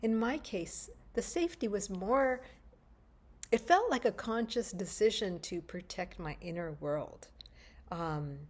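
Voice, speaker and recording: A woman speaking in a medium-pitched voice as she reflects on a memory from her past. She talks conversationally and thoughtfully, pausing on fillers as she works through her thoughts for the camera. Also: lively intonation. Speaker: spiritual video host. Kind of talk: reflective personal storytelling to camera.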